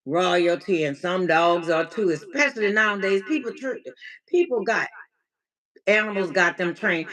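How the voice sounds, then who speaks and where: A woman coach hosts a laid-back livestream check-in and talks at an unhurried pace. Her voice is bright and forward. She is playful and chatty, reads out viewers' names and calls them baby while mixing in faith-based encouragement. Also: mid-range voice, rough recording. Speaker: life coach and livestream host.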